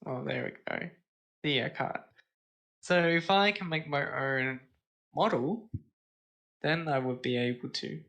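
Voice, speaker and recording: A male host chatting on a casual live stream. He speaks slowly and plainly, and his voice has a bright, sharp edge to it. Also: fairly high pitch, low-quality recording.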